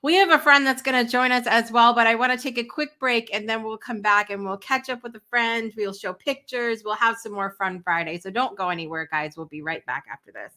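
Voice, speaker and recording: A woman hosts a live morning talk show with a bright, forceful voice. She chats in a loose, emotional way, full of fillers and restarts. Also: fairly high pitch, brisk, hardly any pauses.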